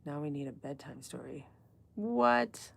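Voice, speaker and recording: A woman's voice: low voice, big pitch swings, unhurried, gravelly, a little hiss or hum. A middle-aged woman hosting a live book club stream, chatting casually with viewers and answering their comments as she drifts between topics. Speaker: livestream book club host.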